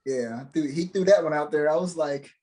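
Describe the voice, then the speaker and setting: A man's voice: fairly high pitch, fairly quick, dark tone. A man co-hosting a podcast in casual chat, rambling and self-deprecating, often trailing off mid-thought. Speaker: podcast co-host.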